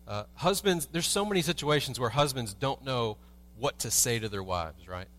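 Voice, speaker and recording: A man's voice: mid-range voice, lively intonation, moderate pace, fairly bright tone. A man preaching a sermon as a pastor in a church, telling everyday stories with humor and asking the congregation rhetorical questions. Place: church sanctuary.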